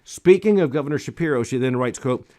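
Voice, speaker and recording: A man's voice: mid-range voice, expressive, quick pace, darkish tone. A man hosting a daily news analysis show, giving emphatic, wry commentary with small hesitations and reading quotations aloud.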